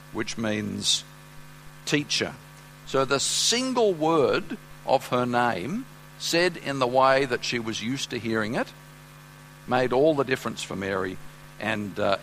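A man's voice: lowish voice, a bit bright, slight background noise, poor audio. A man preaching a sermon, earnest and full of fillers and restarts. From Australia.

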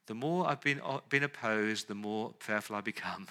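A male pastor preaching an earnest sermon, dropping into soft, pleading tones when he voices prayers. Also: lowish voice, moderate pace.

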